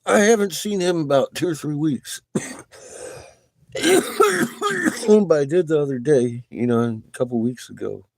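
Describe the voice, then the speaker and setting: A man's voice: on the high side, very animated, unhurried, gravelly, long pauses, no room sound, studio quality. A man on a casual, profane rant who swears constantly, laughs often and coughs between remarks. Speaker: livestreamer.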